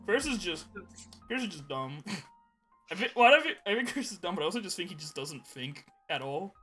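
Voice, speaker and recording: A man's voice: sits high, very animated, normal speed, sharp tone, breathy edge, soft background music. A young man co-hosting a podcast, telling rambling stories in casual chat and laughing often. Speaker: podcast co-host.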